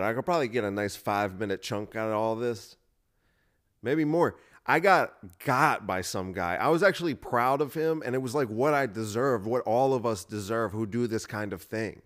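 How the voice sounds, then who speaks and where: A man hosting a podcast, telling a rambling story in a self-deprecating, casual way, full of restarts and fillers. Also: medium pitch. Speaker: podcast host, comedian.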